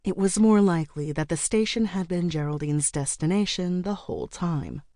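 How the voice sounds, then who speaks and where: A woman narrating an audiobook in an even, measured storytelling manner, recorded in a studio. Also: on the low side, dry recording. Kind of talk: scripted narration.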